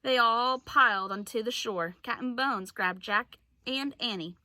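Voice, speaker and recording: A woman teacher reading a chapter book aloud, in slow, clear storytelling. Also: a little high, pushed and bright, dry recording.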